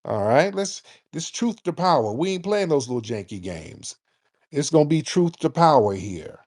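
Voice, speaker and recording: A middle-aged man holds forth as a radio host, cutting in with repeated "no, no" and mimicking callers. His voice sits high and leaps widely in pitch. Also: big pitch swings, moderate pace, darkish tone. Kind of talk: commentary to listeners.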